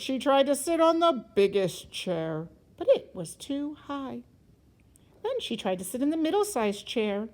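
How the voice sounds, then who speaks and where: A woman teacher reading a children's story aloud in an expressive, sing-song way, sometimes dropping to a whisper. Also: high-pitched, rough recording.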